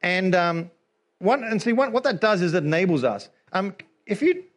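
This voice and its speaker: An animated man preaching a lively sermon. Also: high voice, moderate pace. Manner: animated, laughing often, acts out scenes.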